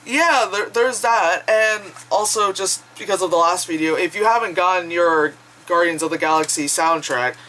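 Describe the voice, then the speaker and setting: A woman's voice: on the low side, normal speed, hardly any pauses, fairly bright tone, slight background noise, low-quality recording. A woman chatting casually in a vlog, rambling, swearing freely and laughing often. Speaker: vlogger.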